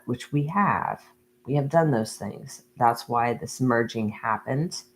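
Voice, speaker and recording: A woman giving a channeled tarot reading, talking slowly and meandering with many ums and restarts. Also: rumbling low, slight background noise, rough recording. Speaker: tarot reader. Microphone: USB microphone.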